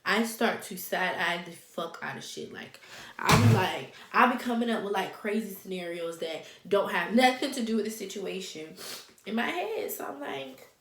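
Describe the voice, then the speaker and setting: A young woman vlogger telling a personal story in casual, slangy speech, swearing freely and quoting the people in it. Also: medium pitch. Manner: animated, swearing, loose slangy talk. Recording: echoey room, faint noise.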